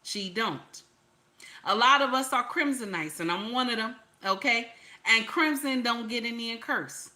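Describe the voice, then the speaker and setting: Blunt, cursing woman with a bright voice. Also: on the high side, animated, measured pace. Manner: blunt, cursing, repeats herself for emphasis. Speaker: reaction channel host. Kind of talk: profane commentary over clips.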